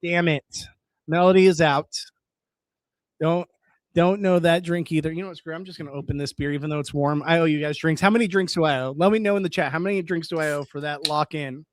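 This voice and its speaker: A young man from California chatting casually on a live stream, reading viewer comments and reacting in an excitable way, laughing often. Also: on the high side, quick pace.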